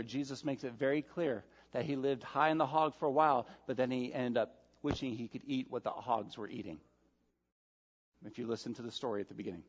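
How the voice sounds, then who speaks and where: A male pastor preaching a sermon, emphatic, swinging between loud stresses and soft, quiet asides. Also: fairly high pitch. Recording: dull sound with long hall reverb.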